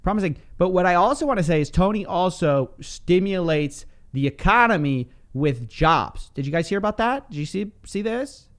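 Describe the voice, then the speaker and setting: High, lively-voiced sarcastic man. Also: moderate pace, hardly any pauses. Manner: sarcastic, mock-announcer outbursts. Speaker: podcast co-host. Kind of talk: casual podcast chat.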